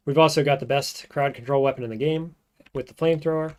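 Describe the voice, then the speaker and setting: A man streaming a roguelike, thinking aloud in casual gameplay commentary and often trailing off into quiet mutters. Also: mid-range voice, fairly even intonation, quick pace.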